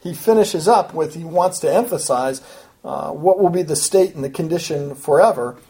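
An earnest preacher explains a scripture passage verse by verse in an expository teaching style. The voice climbs higher and louder when pressing a point, and phrases often repeat or restart. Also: moderate pace. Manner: earnest, emphatic, rises in pitch and volume when stressing a point; talks in repeating, back-and-forth phrases with small restarts.

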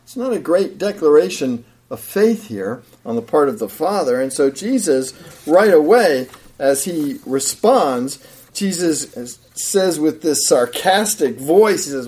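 A man preaching a sermon in an animated way, swinging between loud emphatic bursts and low, quiet asides. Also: measured pace. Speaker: pastor.

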